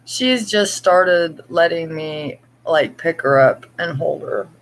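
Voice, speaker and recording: On a low-quality recording with a little hiss or hum, a woman vlogger chats casually to viewers from home at night. Her deep voice has lively intonation, and she rambles and laughs in a slow, drawn-out way.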